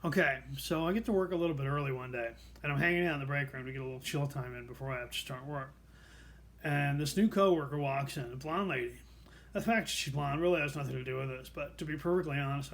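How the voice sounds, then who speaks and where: A man's voice: medium pitch, quick pace, gravelly, fairly bright tone, slight background noise. A middle-aged man hosting a show, telling a personal story in a dry, wry, self-deprecating way. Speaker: host.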